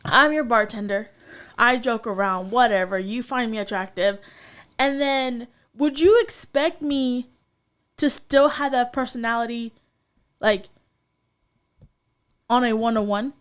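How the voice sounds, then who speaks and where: A woman's voice: fairly high pitch, unhurried, long pauses, clear, resonant tone. A woman co-hosting a casual podcast chat, telling a story animatedly with lots of fillers and acted-out quotes. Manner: animated storytelling, acts out voices, many fillers. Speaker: podcast co-host.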